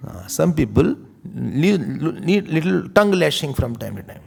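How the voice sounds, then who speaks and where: A man gives a spiritual discourse as a teacher. He tells stories animatedly, in a high voice with a gravelly edge that swings widely in pitch. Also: normal speed. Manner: animated storytelling, mixing in Hindi phrases.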